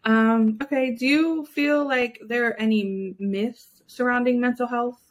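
A woman hosting a casual podcast chat, relaxed and agreeable, with small laughs. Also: on the high side, measured pace.

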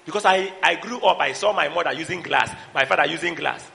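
A middle-aged man preaching a sermon, calling out to the congregation and shouting for emphasis. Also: on the high side, brisk, gravelly. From Nigeria. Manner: preaching with call-and-response, breaking into song and shouts. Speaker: pastor. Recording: long hall reverb.

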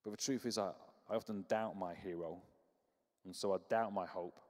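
A man preaching a sermon, telling stories with humor and lively energy. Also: low voice, moderate pace, in a large hall. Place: church.

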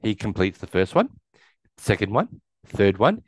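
A man's voice: fairly low pitch, very animated, measured pace, husky, dry recording. A man casually recapping a movie on a podcast, retelling scenes and acting out the characters' lines. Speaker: podcast co-host. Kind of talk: casual film recap chat.

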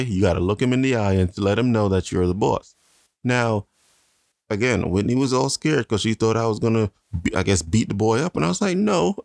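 A man's voice: on the low side, creaky, darkish tone, dry recording, studio quality. A man co-hosting a casual chat, a father bragging in a playful, mock-serious way. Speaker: podcast co-host, father.

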